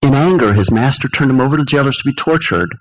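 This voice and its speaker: A man's voice: mid-range voice, fast talker, poor audio. A male pastor giving a conversational sermon to his congregation. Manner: conversational, chuckles and asks the congregation questions.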